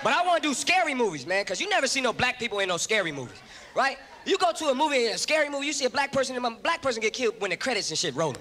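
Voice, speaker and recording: A man from Long Beach doing a loud, profane stand-up set with animated impressions on a comedy stage. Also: very high voice, very fast. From Long Beach, California. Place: comedy stage before a live audience. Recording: live club show with a roaring crowd and noise.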